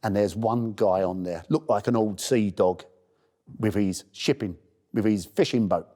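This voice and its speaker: A man's voice: fairly low pitch, a little slow. A middle-aged man from the UK telling the story of his charity walk in a spoken diary, acting out the people he met. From United Kingdom. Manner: storytelling, animated voices for people he meets.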